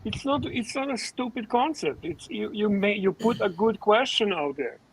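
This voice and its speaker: A man's voice: high-pitched, animated, normal speed, slight background noise, low-quality recording. A man co-hosting a casual livestream, earnest, often repeating his phrases. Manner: repeats himself, earnest and musing. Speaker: livestream co-host.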